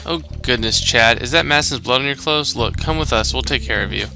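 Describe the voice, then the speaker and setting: A man's voice: medium pitch, a little fast, gravelly, sharp tone, soft background music. A man voicing a chatty detective sidekick in a mystery game, narrating clues.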